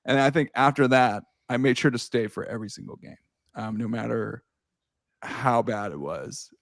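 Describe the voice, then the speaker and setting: A man in his thirties hosts a podcast in casual conversation, telling stories with big swings, laughing, swearing, and shouting at the high points. His voice is creaky at a moderate pace, recorded cleanly in a studio with no echo.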